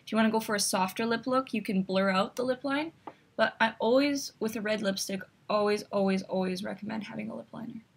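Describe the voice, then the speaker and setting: A woman's voice: medium pitch, fairly even intonation, brisk, creaky, husky. A woman hosting a makeup tutorial, chatty and instructive as she talks through each step while demonstrating.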